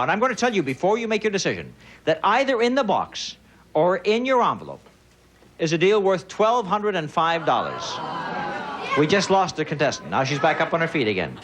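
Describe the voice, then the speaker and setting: A man hosting a game show with lively, joking banter, teasing the contestants. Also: sits high. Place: large television studio. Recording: live studio audience and noise behind.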